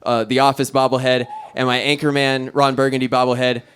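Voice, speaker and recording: A man's voice: medium pitch, brisk, clean tone. A young man doing stand-up at an open mic, telling a long profane story and acting out the other people in it. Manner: profane, rambling, animated storytelling with quoted voices. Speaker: stand-up comic. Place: small club stage.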